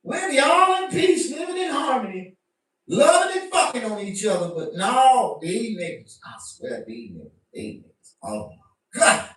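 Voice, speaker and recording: A man doing a profane stand-up rant to his stream, animated and bursting into shouts. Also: high-pitched, moderate pace. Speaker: comedian. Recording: very echoey room, mic at a distance.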